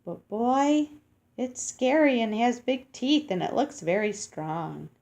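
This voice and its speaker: Woman, picture-book reader for children; a slightly high voice, unhurried, sounds out tricky names. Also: very animated, vocal fry, darkish tone, a little hiss or hum. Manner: explains words and asks children questions as she reads; slow and careful, sounding out hard names.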